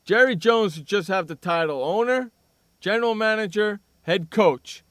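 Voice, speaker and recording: A male sports radio host rants bluntly with heavy sarcasm, his voice high and bright. He sounds smooth and clear, recorded close and dry. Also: moderate pace, no room sound. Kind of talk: opinionated sports talk radio.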